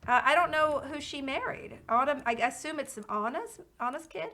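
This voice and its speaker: Animated high-voiced woman streamer. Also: moderate pace, few pauses, a little hiss or hum. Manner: chatty, reads game dialogue aloud, greets chat viewers. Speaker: streamer playing a video game. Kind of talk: casual live-stream chat.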